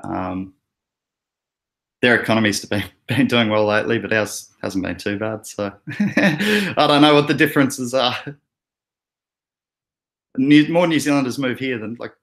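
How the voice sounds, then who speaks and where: A man's voice: mid-range voice, animated, a little slow, pauses often, fairly bright tone. An Australian man hosting a casual livestream, rambling and chatty with frequent fillers and laughs. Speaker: crypto channel host.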